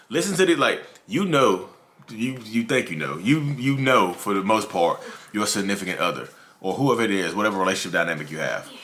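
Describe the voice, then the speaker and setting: A man on his own YouTube channel chats casually to camera about narcissism with a fairly low, bright, forceful voice, and a little hiss or hum can be heard. He tends to repeat himself and calls the people watching "y'all."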